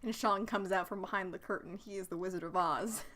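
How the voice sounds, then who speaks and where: A woman's voice: mid-range voice, steady tone, a little fast, a bit bright. A young woman co-hosting a podcast, making sarcastic jokes and giggling through a cartoon recap. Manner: jokey, giggly, sarcastic asides. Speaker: podcast co-host. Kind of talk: casual recap chat.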